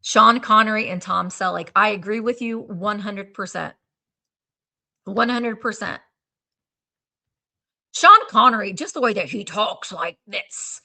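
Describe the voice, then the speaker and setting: Chatty woman with a bright gravelly voice. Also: medium pitch, expressive, unhurried. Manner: rambling and chatty, trails off hunting for names. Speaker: live-sale stream host. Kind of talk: casual live-stream chat. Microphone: streaming setup.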